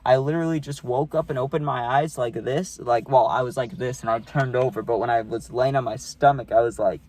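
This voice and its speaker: A man's voice: medium pitch, a little fast, darkish tone. A young man vlogging a casual storytime, rambling and swearing, with many fillers.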